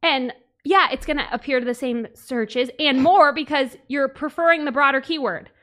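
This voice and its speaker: A woman's voice: sits high, normal speed, a bit bright. Woman hosting a podcast news segment. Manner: dry, reads an email aloud with asides. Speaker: podcast host. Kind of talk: casual chat and news reading.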